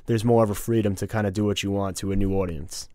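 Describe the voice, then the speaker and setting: A man's voice: fairly low pitch, fast, dry recording. Man talking movies on a podcast, dry. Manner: excitable, swears freely. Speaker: podcast co-host. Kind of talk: casual podcast chat.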